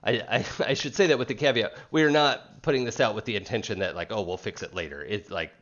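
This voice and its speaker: A man talking casually as a game designer guest in an interview, relaxed and laughing often, with frequent restarts. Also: mid-range voice, fast, muffled recording.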